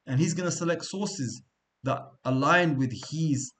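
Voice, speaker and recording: A man's voice: fairly high pitch, a little slow, fairly bright tone. A middle-aged man teaching a class in an informal, conversational way, often checking in with "right?" and repeating himself as he talks. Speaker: seerah teacher.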